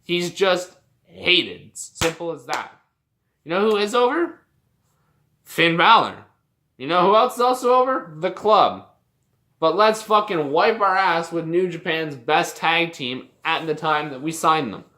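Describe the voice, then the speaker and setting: A young adult vlogger from Canada rants in a loose, unscripted way, swearing freely and sounding exasperated. The voice is bright and forward, at a middling pitch. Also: expressive, measured pace. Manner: heated, profane, exasperated ranting. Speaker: wrestling commentary vlogger. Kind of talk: casual opinion rant.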